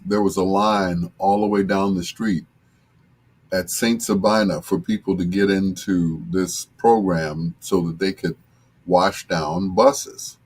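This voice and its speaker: An older man hosting a casual live stream with a deep, husky voice, chatting in a relaxed, joking way as he reads out viewer comments. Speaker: host reading viewer comments.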